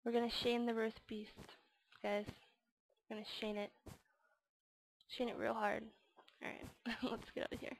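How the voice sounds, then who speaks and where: A woman giving casual let's-play commentary, muttering quietly to herself and reading in-game signs aloud. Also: on the high side, flat delivery, moderate pace, creaky, pauses often, a little hiss or hum, low-quality recording. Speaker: gamer playing a custom adventure map.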